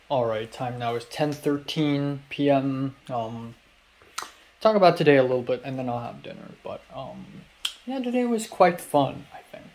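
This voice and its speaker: A man's voice: mid-range voice, animated, a little slow, a little mellow, slight background noise, rough recording. A young man vlogging from his apartment, casually retelling his day in a rambling way, full of fillers and acted-out quotes. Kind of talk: casual diary-style storytelling.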